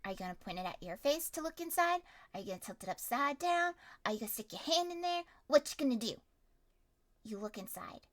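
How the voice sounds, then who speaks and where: A young woman running a tabletop story game as game master, animated and quick to yell and laugh. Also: high-pitched. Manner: animated, bursts into yelling and laughter.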